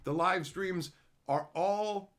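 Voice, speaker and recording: A man's voice: high voice, slow pace, fairly bright tone. A middle-aged man from Canada hosting a casual livestream, ranting with heavy profanity and mocking silly voices. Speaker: livestream host.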